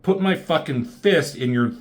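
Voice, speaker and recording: A man's voice: a little high, lively intonation, a little slow, pitched above the performer's own voice. A man voicing a fed-up tough woman who snaps out profane threats. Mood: exasperated. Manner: profane, snapping.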